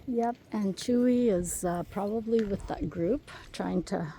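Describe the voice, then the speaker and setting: A woman's voice: mid-range voice, measured pace, warm tone, a little hiss or hum. A woman working as a dog sitter, narrating a casual vlog outdoors at a park and rambling chattily with lots of fillers, recorded on a handheld phone.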